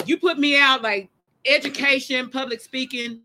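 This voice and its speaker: A woman hosts a casual podcast chat, her voice bright and forceful. She speaks candidly and with emphasis, and laughs easily. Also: high-pitched, fairly even intonation, normal speed, slight background noise. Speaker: podcast host.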